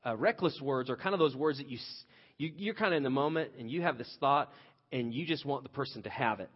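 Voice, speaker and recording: This pastor, a man in his thirties, speaks quickly at medium pitch with a breathy edge, preaching conversationally through a story about his own family. Frequent restarts break up his phrases, and his voice climbs loud when he quotes himself. Expect dull lo-fi audio drenched in long hall reverb.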